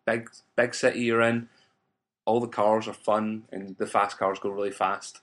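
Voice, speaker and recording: A man's voice: fairly low pitch, level tone, normal speed, fairly bright tone. Laid-back man, dry humor. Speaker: podcast co-host. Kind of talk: casual chat about video games.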